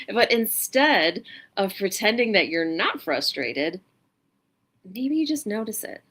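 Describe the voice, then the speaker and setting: A woman hosting a mindfulness show, giving a gentle, unhurried self-help talk with a guided practice in short reflective phrases. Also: mid-range voice, big pitch swings.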